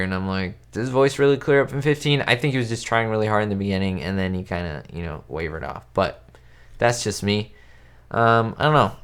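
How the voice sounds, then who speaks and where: A man's voice: on the low side, fairly bright tone. A man hosting a casual live stream, chatting with viewers and answering their questions in a rambling way, with lots of fillers and restarts. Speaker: YouTube host answering live chat. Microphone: webcam setup at home.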